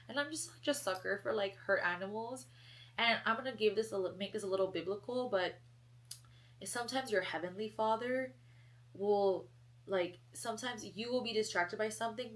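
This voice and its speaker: A young woman hosting a podcast alone, talking casually and chattily with many fillers. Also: mid-range voice. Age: young adult. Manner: chatty, filler-heavy, animated storytelling. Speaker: podcast host. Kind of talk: casual solo chat.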